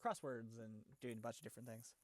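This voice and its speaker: A man's voice: medium pitch, quick pace. A man chatting on an online voice call, teasing the others with know-it-all asides. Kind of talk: casual group chat on a voice call. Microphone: computer mic on an online voice call.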